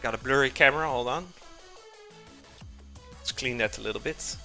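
A man's voice: medium pitch, moderate pace, bright, forceful tone, faint music behind. A man streaming live from his home kitchen, chatting casually and answering viewer chat while he cooks.

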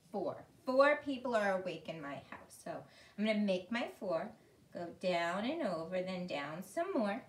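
A woman teaching small children in a gentle, sing-song way during an online preschool lesson, talking at home. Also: mid-range voice. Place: room at home. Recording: echoey room, distant mic, faint hiss.

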